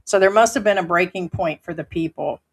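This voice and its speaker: Woman, live-stream host, low voice, blunt, swears a lot, chatty. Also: brisk, husky. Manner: blunt, outspoken, swears freely. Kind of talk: casual live-stream chat, reading viewer comments. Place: at home.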